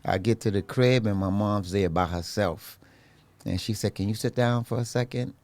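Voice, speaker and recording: New man in his fifties telling stories. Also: normal speed. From Brooklyn, New York, of Honduran Garifuna parents. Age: 50s. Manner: animated, acts out quoted voices in a higher pitch. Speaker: guest photographer. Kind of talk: casual storytelling.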